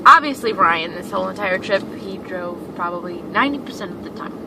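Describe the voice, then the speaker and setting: A woman's voice: medium pitch, expressive, brisk, far from the mic, very noisy. A woman and wife reading viewer questions aloud in a chatty road-trip vlog, laughing easily, recorded in a car. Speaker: vlogger, wife.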